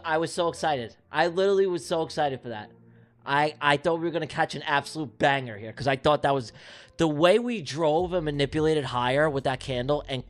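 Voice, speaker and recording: A man hosting a live trading stream, venting and swearing as he talks his chat through a trade that went wrong. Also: on the high side. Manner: exasperated, venting, profane. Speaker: livestream trading host.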